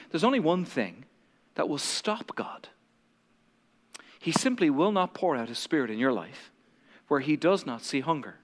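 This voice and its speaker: A man's voice: on the high side, fairly bright tone. A male pastor preaching an impassioned, dramatic sermon to a congregation in a large church hall. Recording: long hall reverb.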